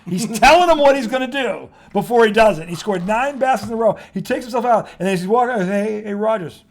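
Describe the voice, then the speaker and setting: A man hosting a sports talk show, telling stories in an animated, profane way and acting out quotes. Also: sits high, fast talker. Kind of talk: casual sports debate.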